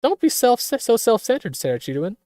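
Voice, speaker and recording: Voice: medium pitch, sing-song, brisk, a little mellow, no echo, clean studio sound, pitched above the performer's own voice, close to an everyday voice. A streamer voicing a gleeful, cruel death-game ringmaster in a video game, in a mocking tone. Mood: taunting. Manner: mocking, taunting.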